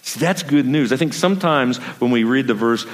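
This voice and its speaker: The speaker is a male pastor with a mid-range, expressive voice who moves fairly quickly. He tells his sermon like a casual story, now and then repeating himself, and a big hall's long reverb surrounds the sound.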